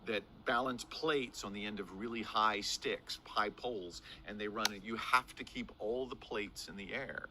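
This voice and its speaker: A man in his sixties, an acting teacher giving a lively lesson on speaking verse, demonstrating delivery and swinging his voice up and down for emphasis. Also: fairly low pitch, moderate pace, hardly any pauses, a little hiss or hum.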